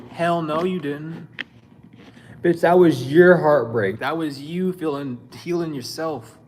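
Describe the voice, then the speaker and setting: Against background noise, a man with a medium-pitched voice, a spiritual reader, talks to camera in a casual reading. He's blunt and scolding, animated, speaking profane street slang with quick laughs.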